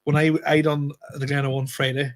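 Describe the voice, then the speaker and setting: A man's voice: fairly high pitch, level tone, normal speed. A young man co-hosting a comedy podcast, laid-back and chuckling in casual chat.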